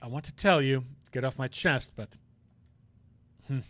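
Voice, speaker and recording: A man's voice: mid-range voice, measured pace, a bit bright, no room sound, voice pushed down, lightly acted. A man voicing a stiff, gloomy male prosecutor in a visual novel read-aloud, speaking in a hesitant, half-whispered way. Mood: brooding.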